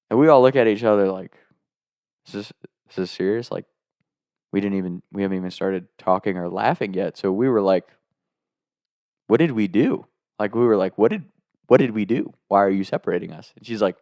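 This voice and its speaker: Animated young man telling a story. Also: fairly low pitch, a little fast, long pauses, dry recording, studio quality. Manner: animated, acts out quotes with sudden loud outbursts. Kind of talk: casual storytelling.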